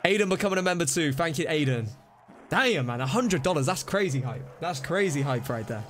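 A man streaming a zombie game live, reacting excitably, scolding himself and thanking donors. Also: fairly high pitch, a little fast, slight background noise. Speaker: livestreamer. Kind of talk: live gameplay commentary. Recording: music playing behind voice. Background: game music and gunfire.

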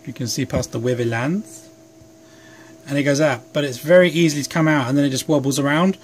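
A young hobby craft vlogger, a little sleep deprived, chats and rambles in a self-deprecating way while working at his bench. His voice is a little high and steady, and he talks briskly. It's recorded on a phone camera with a little hiss or hum.

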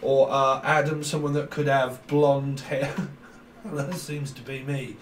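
A man's voice: medium pitch, flat delivery, slow. Guy doing a jokey tarot reading, rambles a lot, sounds far off with faint noise behind. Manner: jokey, loose, free-associating, puts on silly voices. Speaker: tarot reader. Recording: roomy echo, set back from the mic, faint background noise.

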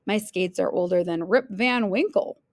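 A woman doing a gentle big bad wolf. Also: medium pitch, moderate pace, no room sound, clean studio sound, lightly acted. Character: big bad wolf, secretly kind and friendly.

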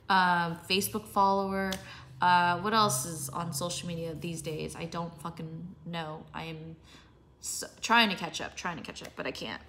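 A young woman rambles to her viewers in a casual vlog, her voice bright and forward. She swears freely and keeps losing and hunting for her words. A yawn slips into her talk now and then. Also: fairly low pitch, a little hiss or hum. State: yawning. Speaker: vlogger.

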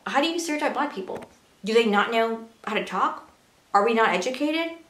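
A woman's voice: on the high side, expressive, fairly quick, fairly bright tone. A young woman vlogging to camera in a casual, earnest way, full of rhetorical questions. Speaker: beauty and lifestyle vlogger. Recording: echoey room.

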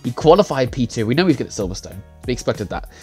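A man's voice: medium pitch, big pitch swings, quick pace, darkish tone. A young man recapping a sim racing league round in a casual, rambling way, full of fillers, self-corrections and little chuckles. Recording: faint music behind.

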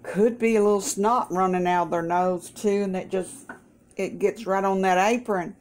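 A woman's voice: mid-range voice, steady tone, normal speed, a little mellow. A woman chatting in a folksy, chatty way at her kitchen table, with religious asides. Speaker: vlogger caring for her mother. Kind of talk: casual chat. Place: home kitchen, breakfast table.

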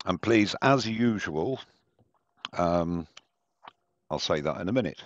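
Chatty man, very deep voice. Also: expressive, takes it slowly, dry recording. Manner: chatty, self-mocking, rambling. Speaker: host of a live woodturning demo. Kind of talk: casual live-stream chat. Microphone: headset. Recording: dull, dry headset sound.

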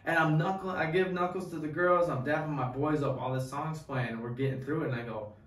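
A young man co-hosting a podcast, rambling through a profane, excited story in casual chat. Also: a little high, fast. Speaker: podcast co-host. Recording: echoey room, distant mic.

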